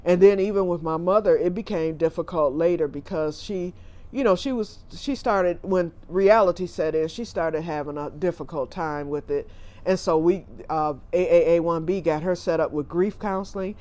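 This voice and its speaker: A man's voice: a little high, normal speed, a little mellow. A middle-aged man, a family caregiver, telling a personal story in a chatty, rambling way, often retelling what people said.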